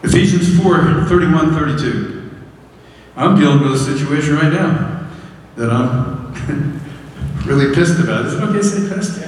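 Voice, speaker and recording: A male pastor giving a sermon, telling candid stories with self-deprecating laughs and climbing high and loud for emphasis. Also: normal speed, pauses often. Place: church sanctuary. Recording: echoey hall, voice from far off.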